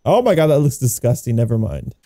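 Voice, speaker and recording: A man giving casual gameplay commentary, excitable and giggly, with frequent exclamations. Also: mid-range voice, brisk, no echo. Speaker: gaming YouTuber.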